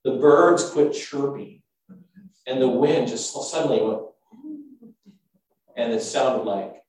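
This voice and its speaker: A man preaching and telling stories in an animated, self-mocking way with halting restarts. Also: mid-range voice. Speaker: preacher and tour guide. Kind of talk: sermon with storytelling. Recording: echoey room, mic far off.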